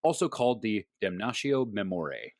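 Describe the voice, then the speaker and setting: A man co-hosting a podcast in casual chat, chatty and playful with quick asides. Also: lowish voice, sing-song, no room sound. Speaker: podcast co-host.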